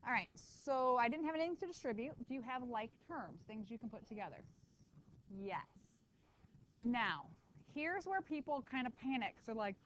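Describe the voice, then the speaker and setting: Lively woman math teacher in class. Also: fairly high pitch, lo-fi sound, a little hiss or hum. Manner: lively, talks to students with quick asides. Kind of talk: classroom lecture.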